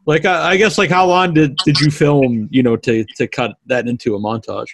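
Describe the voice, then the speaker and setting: A man hosting an interview, asking halting questions with restarts. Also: mid-range voice, steady tone, no room sound. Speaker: interview host. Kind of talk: casual interview chat.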